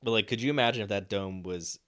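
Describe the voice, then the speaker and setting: A young man with a lowish, smooth, slightly bright voice talks fast while co-hosting a sports podcast. He discusses games casually and loosely, rambling with frequent fillers and restarts.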